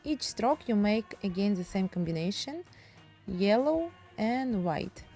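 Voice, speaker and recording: A woman's voice: medium pitch, animated, unhurried, mellow, soft background music. A woman with a Russian accent teaching painting in a casual, chatty tutorial, speaking in broken English.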